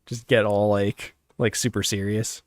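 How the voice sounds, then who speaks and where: A man's voice: fairly low pitch, level tone, a little slow, dry recording. A man streaming a game live, chatting casually in a laid-back, chill way and chuckling often. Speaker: gaming streamer. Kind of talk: casual gaming livestream chat.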